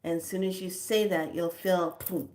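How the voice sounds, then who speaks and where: A woman's voice: on the low side, fairly even intonation, darkish tone. A woman giving spiritual teaching to camera in an emphatic, colloquial way. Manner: slow, emphatic, colloquial; chants words drawn out.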